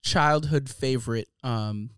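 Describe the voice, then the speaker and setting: A man's voice: medium pitch, takes it slowly, fairly bright tone, clean tone, no room sound. A young man co-hosting a podcast, asking loose questions and joking in a casual chat on a studio mic. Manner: playful, laughs often, loose questions. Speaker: podcast co-host. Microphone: studio microphone.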